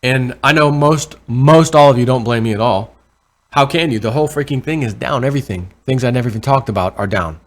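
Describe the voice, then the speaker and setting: A man vlogging casual commentary over price charts, rambling and correcting himself, with excited bursts over numbers. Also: mid-range voice, brisk. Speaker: crypto vlogger.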